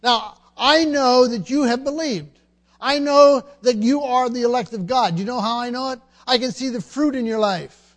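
A man's voice: extremely high pitch, normal speed. A man preaching a sermon, emphatic and teaching, often repeating words and asking the congregation questions.

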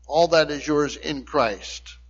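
Taking it slowly, a pastor with a slightly high male voice preaches, emphatically repeating his points and checking in with listeners. The sound quality is dull and lo-fi.

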